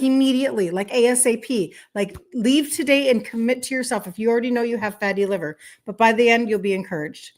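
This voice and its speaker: Chatty emphatic woman in her fifties. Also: fairly high pitch. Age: 50s. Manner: chatty, emphatic, repeats key words, checks in with "okay?". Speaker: health coach hosting a weekday live show. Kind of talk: casual live-stream talk.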